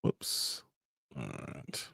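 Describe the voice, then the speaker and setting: A man's voice: drawn-out words, sharp tone, no echo, clean studio sound. A man hosting a casual show chat in an easygoing way, steering the talk along. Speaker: host.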